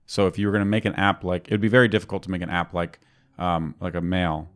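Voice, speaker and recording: A man's voice: low voice, flat delivery, fast, a bit bright, clear, resonant tone. A man co-hosting a podcast, talking casually and at length, with many fillers and restarts. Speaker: podcast co-host. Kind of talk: casual technical chat.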